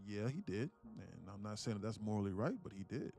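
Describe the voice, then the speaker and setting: A man talking to his live-stream audience in a rambling, excitable way, repeating himself and swearing. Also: on the low side, fast talker, hardly any pauses, slightly rough, faint music behind. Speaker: day trading streamer. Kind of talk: casual live-stream commentary.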